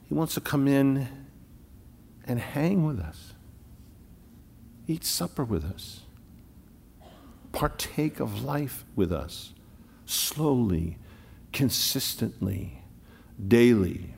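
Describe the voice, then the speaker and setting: Gravelly low-voiced man preaching in a reverberant hall. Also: sing-song, slight background noise. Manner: swings from loud declaring to hushed near-whispers; slow deliberate phrasing on key words. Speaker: pastor. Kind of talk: sermon.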